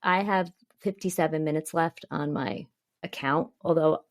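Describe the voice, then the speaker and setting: Her voice sits low and her tone stays steady at a normal speed. As a podcast co-host, she chats casually through a recap of a TV episode, laughing a lot and reading out quotes from her notes.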